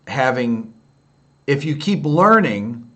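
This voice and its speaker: Fifty-something man with an upstate New York accent, mid-pitched voice, easy rambling livestream host reading chat. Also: big pitch swings, slow, bright, forceful tone, highs cut off. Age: 50s. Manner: candid, rambling, answers viewer comments by name. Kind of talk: casual late-night livestream chat.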